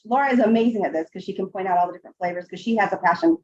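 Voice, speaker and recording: A woman's voice: mid-range voice, very fast, highs cut off. A woman co-hosting an online live stream, speaking in an enthusiastic, encouraging way during a casual chat. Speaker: co-host.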